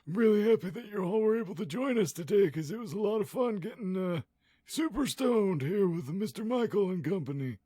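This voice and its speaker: A man's voice: lively intonation, a little fast, dark tone, slightly rough, dry recording, studio quality. A man putting on a stoned voice, talking as if holding smoke in while hosting a podcast. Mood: goofy. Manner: high strained voice as if holding smoke in. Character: giggly stoned male podcast host.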